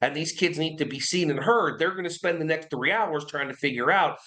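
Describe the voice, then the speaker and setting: A man's voice: a little high, a little fast, few pauses, poor audio. A man in his forties from New Jersey, a guest on a podcast talking casually and energetically, sometimes slipping into silly voices. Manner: energetic, animated storyteller who breaks into silly voices. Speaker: guest, early childhood behavior trainer.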